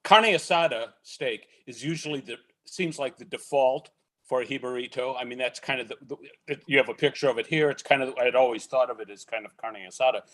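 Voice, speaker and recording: Relaxed man adding food comments. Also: mid-range voice, fairly quick. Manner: relaxed, adds side comments with small laughs. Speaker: culinary journalist, author. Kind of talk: library book talk over video call.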